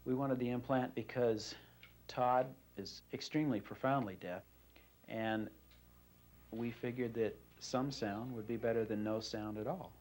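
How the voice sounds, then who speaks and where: A man's voice: medium pitch, steady tone, unhurried, darkish tone. A father speaking plainly and matter-of-factly in an interview. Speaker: parent of an implanted child.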